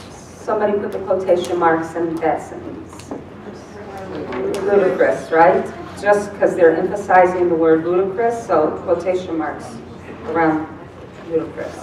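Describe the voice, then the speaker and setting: A woman's voice: mid-range voice, a little hiss or hum. A woman presenting a proofreading seminar in a large room, casual and chatty with plenty of "um"s. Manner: relaxed, filler-heavy, chatty. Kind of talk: classroom teaching. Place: large room with many people. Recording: distant, echoey room recording.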